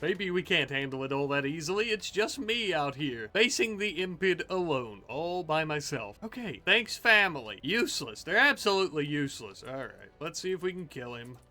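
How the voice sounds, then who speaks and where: A man giving casual let's-play commentary, reacting loudly to the game and cursing at enemies. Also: a little high, normal speed, hardly any pauses, soft background music. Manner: animated, swears and yells at the game. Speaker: gaming YouTuber.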